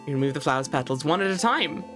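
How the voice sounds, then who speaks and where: A woman streamer narrates a video game playthrough in a low voice, reading the text aloud with expression. She drops in playful asides of her own. Soft music plays faintly behind her. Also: expressive, fast talker.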